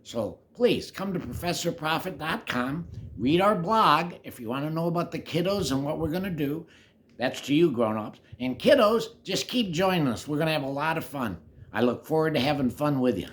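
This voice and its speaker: A man's voice: on the high side, moderate pace, a little hiss or hum. Older man telling a story to kids. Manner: animated, whispery asides, playful. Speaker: children's storyteller. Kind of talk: children's storytelling.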